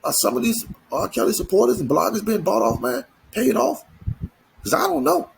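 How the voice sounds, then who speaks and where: A man's voice: very high-pitched, very animated, moderate pace, vocal fry, a little hiss or hum, poor audio. A man giving an emphatic, slangy commentary monologue, full of repeats and restarts. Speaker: commentary channel host.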